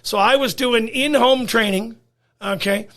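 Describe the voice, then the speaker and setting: A man's voice: extremely high pitch, measured pace, sharp tone. A man, a dog trainer guesting on a podcast, telling stories bluntly and swearing freely. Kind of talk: casual chat.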